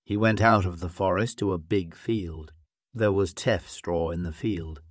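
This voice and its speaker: A man slowly narrating a graded-reader story for English learners, reading clearly and deliberately. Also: sits low, no echo, clean studio sound.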